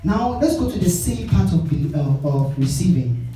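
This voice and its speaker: Energetic male preacher, call-and-response, distant mic in an echoing hall. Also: on the high side, normal speed. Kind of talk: sermon. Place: large conference hall. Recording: echoey hall from far off with music.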